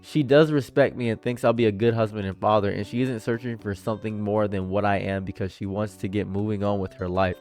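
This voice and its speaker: A man reacting to a forum story he reads aloud, ranting and animated, jumping from loud outbursts to low murmurs. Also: a little fast, few pauses, faint music behind. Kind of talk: casual commentary.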